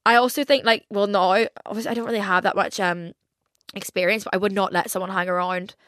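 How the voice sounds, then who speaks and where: A woman's voice: medium pitch, steady tone, fast, a bit bright, no echo, studio quality. Chatty Northern Irish woman podcaster. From Northern Ireland. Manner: chatty, candid, frequent "like" fillers. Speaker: podcast host. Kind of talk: casual solo chat.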